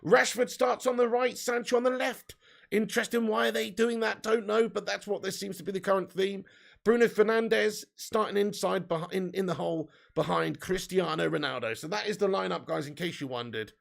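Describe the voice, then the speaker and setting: A man's voice: sits high, fairly quick, gravelly. A man hosting a live football watch-along, bantering and reading out viewers' chat names and score predictions. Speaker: fan channel host.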